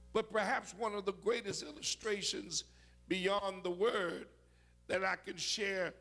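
A man preaching a sermon, telling stories with dramatic shouted peaks. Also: high-pitched, gravelly.

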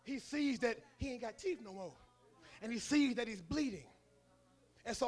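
A man's voice: extremely high pitch, lively intonation, normal speed, long pauses. A male preacher giving a sermon in a colloquial, storytelling manner.

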